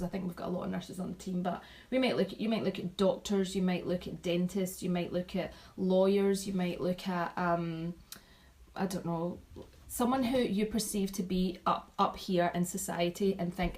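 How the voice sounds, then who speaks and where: A woman talking casually to her team, chatty and animated, repeating herself and restarting sentences as she shares notes from an event. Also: mid-range voice, rough recording. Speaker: vlogger sharing event takeaways.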